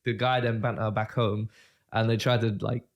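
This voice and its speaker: A man's voice: fairly low pitch, level tone, moderate pace, dull audio. A man with a British accent co-hosting a podcast, in casual chat, joking and calling his friend mate. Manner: bantering, says "mate" often. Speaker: podcast co-host.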